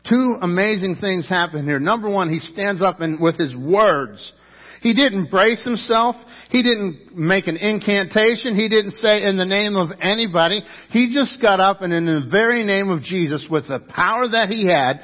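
A man preaching a sermon as pastor, swinging from loud, raised passages to hushed ones and acting out quoted lines. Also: on the high side, slightly rough. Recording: echoey hall, dull lo-fi sound.

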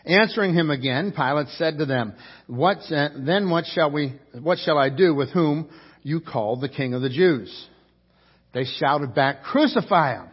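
A man's voice: a little high, lively intonation, unhurried, slightly rough, lo-fi sound. A man preaching a sermon as pastor, telling the story vividly and acting out the characters' lines.

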